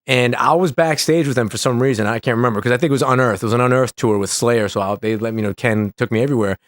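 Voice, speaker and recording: A man's voice: mid-range voice, quick pace, dry recording, clean studio sound. A man telling a rambling backstage story as a podcast guest, full of swearing and restarts. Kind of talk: casual storytelling chat.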